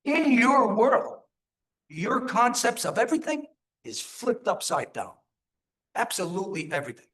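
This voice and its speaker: A man leads a live teaching session, his voice sitting high for a man and swinging widely in pitch. He talks emphatically and keeps putting questions to his listeners. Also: big pitch swings, unhurried, a bit bright. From Turtle Island. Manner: emphatic, rhetorical, asks the audience questions. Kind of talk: live teaching talk to an audience.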